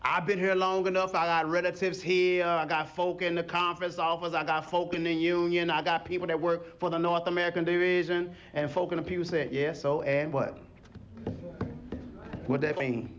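A man preaching a sermon in an animated, folksy call-and-response style. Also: high-pitched, fairly quick, hardly any pauses. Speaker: pastor.

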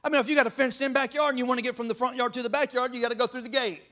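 A man's voice: extremely high pitch, fairly even intonation, rapid-fire, pushed and bright. A man preaching a sermon to his congregation, calling out to them and breaking into playful asides. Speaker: pastor.

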